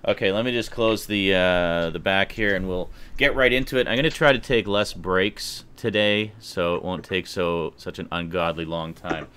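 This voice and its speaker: A man's voice: low-pitched, normal speed, few pauses, fairly bright tone, smooth. A man streaming a horror game, chatting casually and jokingly with friends on a call, swearing now and then. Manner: jokey, loose, swears casually. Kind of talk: casual live-stream chat.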